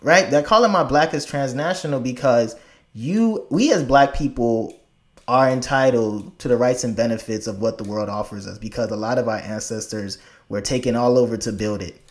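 A man from Africa talking casually in a conversation, emphatic and animated, laughing often and restarting his sentences. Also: medium pitch, normal speed.

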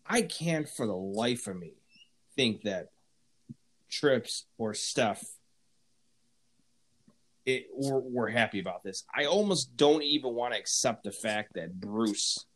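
A man's voice: on the low side, animated, fairly bright tone. Blunt, swearing man on a podcast. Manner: blunt, profane, fast bursts. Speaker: podcast co-host. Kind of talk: casual podcast chat.

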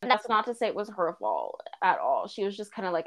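A woman's voice: mid-range voice, huge pitch swings, moderate pace, hardly any pauses, no room sound. A woman co-hosting a podcast, telling a story in a chatty, dramatic way with lots of "like". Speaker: podcast co-host. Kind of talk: casual chat.

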